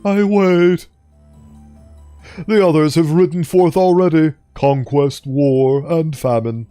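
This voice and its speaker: Guy putting on a posh old lizard monster, slow n formal, kinda high. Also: mellow, clean tone, no room sound, soft background music. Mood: cold, formal. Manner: formal, measured, posh diction. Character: posh ancient reptilian monster, horse of Death.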